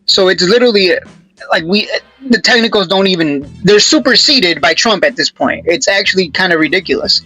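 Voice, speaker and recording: A man's voice: sits high, lively intonation, fairly quick, sharp tone, soft background music, poor audio. A man hosting his own channel, giving casual stock chart commentary in a rambling, joking way with lots of restarts.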